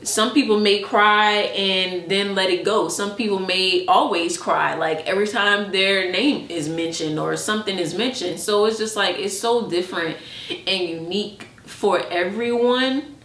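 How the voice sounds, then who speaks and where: A woman co-hosting a casual podcast, chatting with lots of filler words and acted-out quotes. Her voice sits at a middle pitch. The room has a noticeable echo. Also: unhurried. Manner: chatty, many "like" fillers, animated quoted asides. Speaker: podcast co-host. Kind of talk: casual chat.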